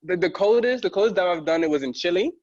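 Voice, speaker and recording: A man's voice: sits high, expressive, fast, a little mellow, dry recording, dull audio. A man chatting casually as a guest about diving, rambling with restarts, lots of fillers and frequent laughter. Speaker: guest diver. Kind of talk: casual podcast chat.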